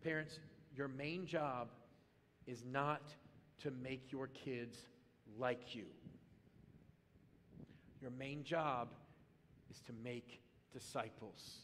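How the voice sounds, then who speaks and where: Animated pastor preaching in a big hall. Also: male voice, medium pitch, very slow, long pauses, slight background noise. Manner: animated, comic storytelling with bursts of loud excitement. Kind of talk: sermon. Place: church auditorium. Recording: long reverb of a large hall.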